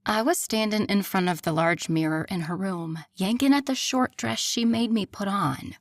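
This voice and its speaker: A woman's voice: mid-range voice, moderate pace, no echo, studio quality. A woman narrating a first-person romance audiobook in an intimate voice that often drops to a near whisper.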